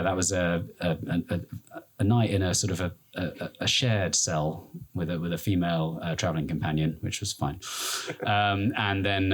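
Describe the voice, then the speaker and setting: Low-voiced British man telling travel stories. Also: breathy edge. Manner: rambling, acts out quoted voices. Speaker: explorer and podcast guest. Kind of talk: storytelling in a live interview.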